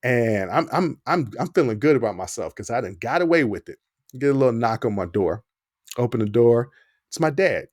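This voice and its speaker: A man hosting a podcast, telling a personal story in a casual, animated way. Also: medium pitch, brisk, no room sound, studio quality. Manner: animated, acts out the quoted dialogue. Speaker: podcast host.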